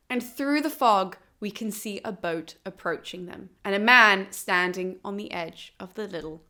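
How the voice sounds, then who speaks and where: A woman host retelling an ancient comedy in a casual, animated way, laughing often as she goes. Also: mid-range voice, normal speed, hardly any pauses.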